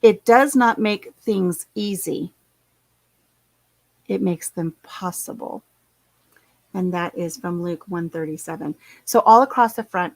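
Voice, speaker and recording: A woman's voice: on the low side, no echo, low-quality recording. Chatty folksy middle-aged woman. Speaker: channel host. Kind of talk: casual livestream chat.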